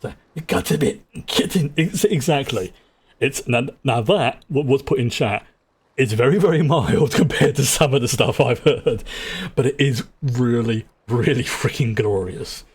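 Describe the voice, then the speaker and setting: Brief: London streamer, husky mid-pitch voice, rambling casual game talk. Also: male voice, measured pace. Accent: London English. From England. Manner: rambling, chatty, with frequent restarts. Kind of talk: casual gameplay commentary.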